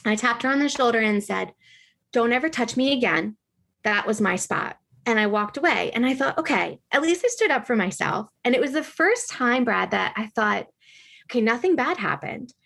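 Animated chatty woman telling stories. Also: a little high, a little fast, vocal fry. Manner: animated storyteller, many fillers and tag questions. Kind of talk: casual conversation.

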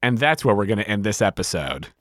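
A man co-hosting a comedy podcast, playful and expressive, sometimes narrating a game scene. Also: on the low side, fast talker, dry recording, studio quality. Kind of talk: casual banter with scripted narration.

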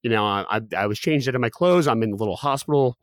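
A man in his thirties, a podcast guest, telling a personal story quickly with many restarts and fillers. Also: medium pitch, animated, dry recording. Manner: rapid, with frequent restarts and fillers.

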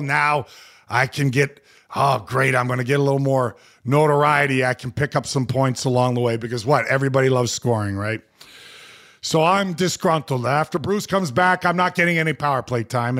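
A man's voice: fairly high pitch, fairly bright tone. A man in his forties, a retired hockey player, telling a long anecdote in a casual interview, quoting others and often restarting his sentences.

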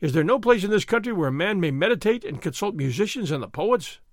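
Brief: narrator doing an idle, well-bred gentleman, lightly mocking, high lively voice. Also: fast talker, no room sound, clean studio sound. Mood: languid. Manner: leisurely, mildly teasing, refined. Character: languid young male nobleman, mild and mocking. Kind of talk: audiobook character reading.

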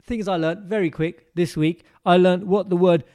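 A man's voice: high-pitched, steady tone, moderate pace, darkish tone. A man co-hosting a podcast in casual chat, playful and teasing, who also explains things to the others. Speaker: podcast co-host.

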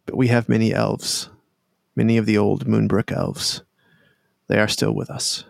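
A man voicing a gentle old elf woman who leads her people, speaking calmly and kindly in a gravelly low voice. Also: unhurried, no echo, clean studio sound. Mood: warm reassurance.

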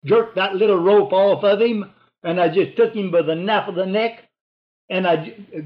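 An older man, telling a hunting story in a rambling, folksy oral-history style. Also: high voice. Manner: folksy, rambling, drops to a hushed voice for whispered lines. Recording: dull lo-fi recording.

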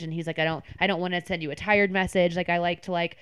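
A young woman telling a story in casual chat, animated and full of filler words. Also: fairly low pitch, fairly quick, hardly any pauses, clean tone, dry recording. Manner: animated, chatty, many "like" fillers.

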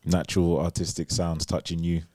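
A man's voice: low voice, monotone, brisk, dark tone, dry recording. A man co-hosting a podcast, chatting in a laid-back, agreeable way. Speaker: podcast co-host. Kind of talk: casual chat.

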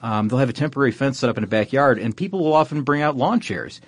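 A man's voice: medium pitch, animated, quick pace, no echo. A man co-hosting a podcast in casual chat, rambling and self-correcting with frequent chuckles. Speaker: podcast co-host.

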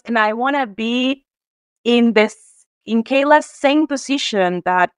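Heartfelt woman from Mexico, smooth voice. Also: a little high, measured pace, no room sound, studio quality. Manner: heartfelt, tearful, many restarts and fillers. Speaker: guest. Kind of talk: emotional conversational interview.

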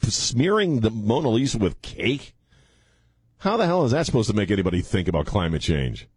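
A man's voice: on the low side, sing-song, normal speed, a little mellow, breathy edge, dry recording, clean studio sound. A man hosting a talk radio show, joking and laughing in casual banter. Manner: jokey, laughing, mocking. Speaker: radio host.

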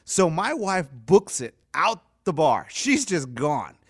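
A man's voice: fairly high pitch, takes it slowly, breathy edge, dry recording, studio quality. A man telling stories in casual chat with friends, acting out the people he quotes and laughing often. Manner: animated storyteller, acts out quotes, laughs often.

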